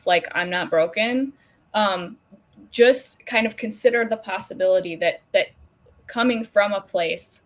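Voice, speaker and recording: A woman co-hosting a wellness podcast, talking in a relaxed, chatty way with plenty of affirming fillers. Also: medium pitch. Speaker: podcast co-host. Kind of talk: casual podcast conversation.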